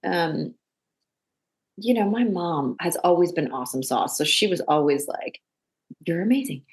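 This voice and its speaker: A woman from Canada, an actor and director, chatting in an interview and telling animated stories with quoted voices. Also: low-pitched, unhurried. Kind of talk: casual interview.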